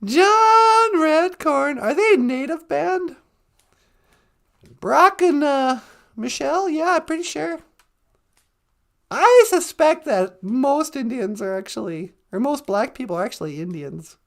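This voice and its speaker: A woman hosting a casual comedy podcast. Her high voice bounces around a lot and has a gravelly fry, and she talks slowly and with a playful, giggly tone. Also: lively intonation. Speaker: podcast host.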